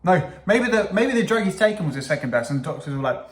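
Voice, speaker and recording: A man's voice: high voice, big pitch swings, fast. A man casually reacting to news clips, sarcastic, swearing and laughing at his own jokes. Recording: echoey room.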